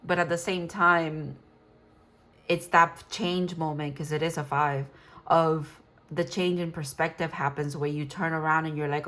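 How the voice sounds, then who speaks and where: A woman's voice: low-pitched, flat delivery, a little slow, a bit bright. Rambling woman giving a tarot reading. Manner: rambling, enthusiastic, many restarts and fillers. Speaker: tarot reader. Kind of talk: casual tarot reading monologue.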